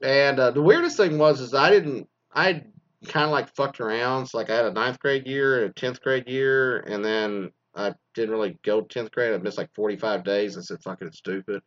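A man's voice: mid-range voice, normal speed. Blunt, foul-mouthed man ranting. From Texas. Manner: blunt, heavy swearing, animated storytelling. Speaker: former teacher. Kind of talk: profane ranting monologue. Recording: slightly dull lo-fi recording.

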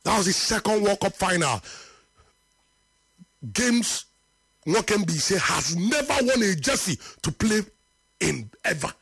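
A man's voice: big pitch swings, vocal fry, fairly bright tone, breathy edge, no room sound, clean studio sound. A man hosting a live football talk show, arguing points emphatically and reading out viewer comments. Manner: emphatic, repeats points for effect, drops to low slow tones.

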